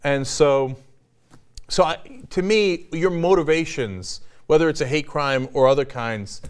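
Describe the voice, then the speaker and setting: A man's voice: fairly high pitch, unhurried, clean tone. A middle-aged man hosting an online news show, arguing his opinions bluntly and swearing casually. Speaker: news commentary host.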